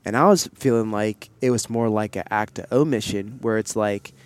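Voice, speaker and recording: A man's voice: lowish voice, moderate pace. A man hosting a podcast, telling a long personal story in a candid, rambling way, full of fillers and side remarks, recorded outdoors in public on a headset mic. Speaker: podcast host. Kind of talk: casual chat.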